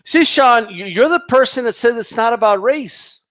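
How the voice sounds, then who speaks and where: A man's voice: sits high, animated, normal speed, few pauses, fairly bright tone. Heated, profane man ranting about boxing. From Mexican heritage. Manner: combative, profane, repetitive restarts. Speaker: boxing commentator. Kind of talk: heated rant vlog. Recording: dull lo-fi audio.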